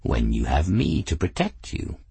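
A proud talking cat who thinks himself without flaw, as a male reader puts him on. His voice is deep, slow and husky, and each word sounds self-satisfied. It is recorded dry and close for a storybook. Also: wildly swooping pitch, warm tone, dry recording, full character voice. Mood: smug. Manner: slow, smug, lordly.

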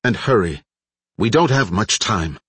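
A man voicing a tough woman team leader in an audiobook, speaking in a clipped, sharp and authoritative way. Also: fairly low pitch, expressive, a little slow, breathy edge, dry recording, voice pushed up, heavily acted. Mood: urgent.

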